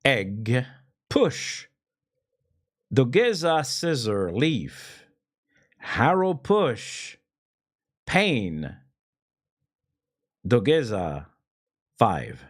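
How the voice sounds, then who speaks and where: Playful, slow-talking male streamer. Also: medium pitch, wildly swooping pitch. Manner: playful and joking, with stammering restarts. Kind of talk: casual let's-play commentary.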